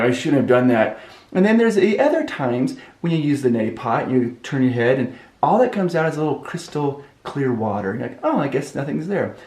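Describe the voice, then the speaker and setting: A man hosting a vlog, telling a comedic story in an animated, expressive way. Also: mid-range voice. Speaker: vlog host. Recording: echoey room.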